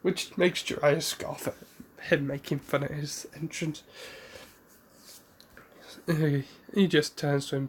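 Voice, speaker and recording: A man's voice: fairly high pitch, fairly even intonation, slow, slight background noise. A man casually retelling a fan-made story, rambling with restarts and asides.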